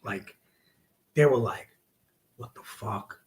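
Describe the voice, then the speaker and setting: Profane, animated male wrestler telling stories. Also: mid-range voice, slow pace. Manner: animated, acts out quotes, drops to whispers. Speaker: podcast guest, wrestler. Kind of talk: casual storytelling, profane.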